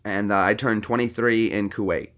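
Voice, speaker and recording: A man's voice: on the low side, steady tone, moderate pace, fairly bright tone. A man in his thirties chatting casually about his voice impressions, self-critical and laughing often. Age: 30s. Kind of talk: casual chat.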